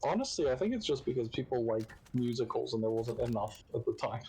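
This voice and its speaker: A man's voice: medium pitch, sing-song, brisk, mellow, husky. A man chatting casually while gaming, with dry, hesitant asides. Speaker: co-player.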